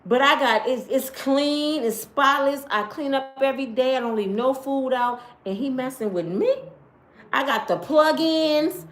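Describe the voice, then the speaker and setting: A woman's voice: sits high, a little slow. A woman hosting a live stream from her home, talking bluntly and profanely and acting out stories. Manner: blunt, profane, animated storytelling. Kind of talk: casual live-stream chat. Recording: echoey room.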